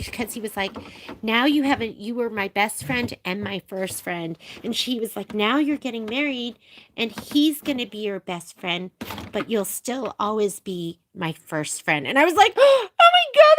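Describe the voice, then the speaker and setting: A woman's voice: mid-range voice, fairly bright tone. Chatty middle-aged lady sewing on camera, rambling on, faint hiss behind her. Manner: rambling, gushing storyteller with many fillers. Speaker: sewing shop video host. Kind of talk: chatty sewing tutorial vlog. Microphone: camera on a filming arm.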